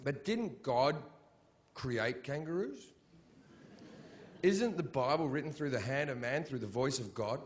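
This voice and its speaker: A man doing a live stand-up routine on a comedy stage, crude and provocative, swearing constantly and working up into mocking shouted rants. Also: medium pitch, expressive, unhurried, long pauses, a little hiss or hum.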